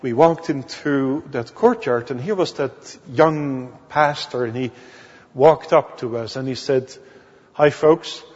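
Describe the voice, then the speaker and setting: A male minister from the Netherlands, preaching a sermon in slow, deliberate storytelling that leans on key words. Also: mid-range voice, darkish tone. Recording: dull audio with long hall reverb.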